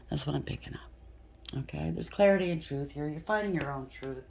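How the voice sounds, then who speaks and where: A woman's voice: deep voice, normal speed, vocal fry. A woman giving a casual tarot reading, chatty and blunt, thinking aloud and swearing freely. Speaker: tarot reader.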